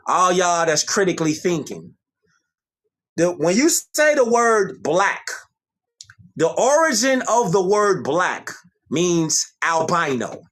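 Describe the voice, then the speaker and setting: Male livestream host; slow, lively, preachy lecturer who reads passages aloud. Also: high voice. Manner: preachy, repeats points for emphasis, reads from screen. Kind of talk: livestream monologue lecturing on history.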